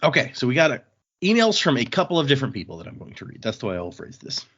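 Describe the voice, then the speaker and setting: A man's voice: mid-range voice, sing-song, fast talker, fairly bright tone, husky. A man hosting a casual book podcast, chatting with co-hosts and reading listener emails aloud. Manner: reads listener emails aloud, laughs often. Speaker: podcast host. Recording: muffled lo-fi podcast audio.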